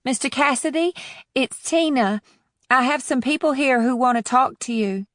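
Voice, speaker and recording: A man's voice: very high-pitched, moderate pace, fairly bright tone, dry recording, clean studio sound, pitched above the performer's own voice. A man putting on a timid young hostess. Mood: nervous. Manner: timid, hesitant. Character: nervous young woman bar hostess.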